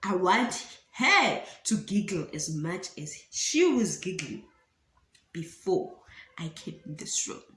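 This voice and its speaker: A young South African woman with a low, slow voice tells a dramatic story in a casual storytime vlog. The YouTuber is animated and theatrical, slipping Zulu phrases into her South African-accented speech. The room sounds echoey.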